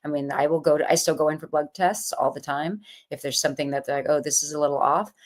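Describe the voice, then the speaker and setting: A woman with a notably low voice tells her own story in a relaxed interview. She talks in an animated way, slipping into quoted voices as she recounts what people said to her. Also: fast talker. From California. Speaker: guest, author.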